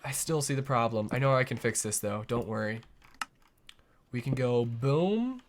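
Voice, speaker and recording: A man's voice: mid-range voice, expressive, moderate pace, slight background noise. A young man streaming a building game live, talking to himself in a rambling, playful way with little boop noises. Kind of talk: live gameplay commentary.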